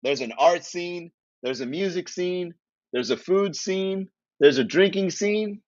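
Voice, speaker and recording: A man's voice: sits high, unhurried, no echo, muffled recording. A man from Miami hosting a casual comedy livestream, joking and chatting with viewers, laughing at his own jokes. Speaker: comedy podcast host.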